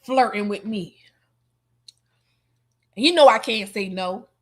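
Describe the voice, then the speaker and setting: A woman streamer giving sassy, mocking reaction commentary, heavy on slang and loud laughter. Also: medium pitch, slow.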